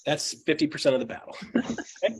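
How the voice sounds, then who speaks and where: Giving a live seminar to real estate agents, a man with a fairly high, husky and slightly rough voice of darkish tone speaks fast, with big pitch swings. He's blunt and energetic, swears casually, laughs a lot and keeps asking the audience "right?".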